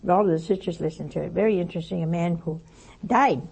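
A woman giving a spiritual talk, telling a story in a lively way and acting out the voices she quotes. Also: lowish voice, fast, creaky, slightly rough, poor audio. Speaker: religious teacher.

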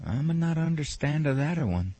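A man's voice: fairly high pitch, animated, normal speed, mellow, dry recording. A man voicing his elderly Italian immigrant grandfather with a broken Italian accent, asking puzzled questions. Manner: baffled, questioning.

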